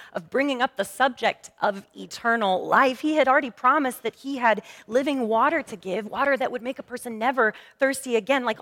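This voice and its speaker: Female pastor, fairly high voice, chatty storytelling sermon, long church reverb. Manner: lively, conversational storytelling. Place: church sanctuary.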